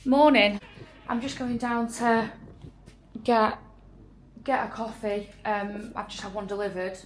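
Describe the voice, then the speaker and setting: A woman's voice: mid-range voice, steady tone, measured pace, slight background noise. A young woman from England with an English accent, chatting casually to her phone camera in a travel vlog, gushing and filler-heavy. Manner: chatty, gushing, lots of "like" and "oh my God". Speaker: travel vlogger.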